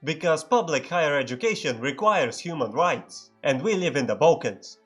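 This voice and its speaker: A man giving sarcastic, mock-excited comedic commentary over a strategy game. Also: on the high side, moderate pace, husky, faint music behind. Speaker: gaming YouTuber.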